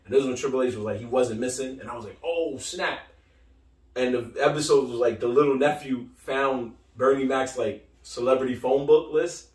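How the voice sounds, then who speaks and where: A man co-hosting a podcast tells stories in a casual chat, laughing often and acting out different voices. His mid-range voice moves briskly with hardly any pauses, and the recording has a roomy echo from a distant mic.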